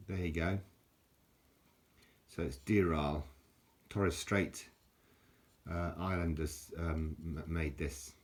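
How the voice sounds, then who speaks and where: A man hosting a casual home video, talking in a halting, rambling way with many restarts and self-mocking jokes. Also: low voice. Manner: drops into mock Aussie slang for fun. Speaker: video host showing an object. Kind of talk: casual rambling show-and-tell. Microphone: handheld camera, filming one-handed.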